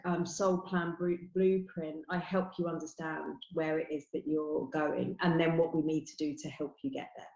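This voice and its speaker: A woman's voice: sits low, flat delivery, moderate pace, hardly any pauses, darkish tone, roomy sound, rough recording. A middle-aged woman with a London accent, explaining her spiritual work earnestly as an interview guest, with many "you know" asides.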